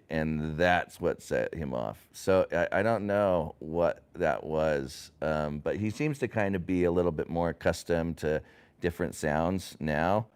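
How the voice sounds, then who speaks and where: A man's voice: a bass voice, clean tone. A man hosting a casual family livestream, rambling with lots of fillers and restarts.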